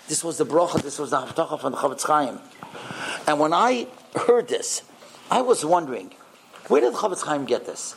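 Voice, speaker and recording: A man telling a story in a sermon to a congregation, animated and peppered with Hebrew and Yiddish terms. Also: a little high, normal speed, creaky, slight background noise, poor audio.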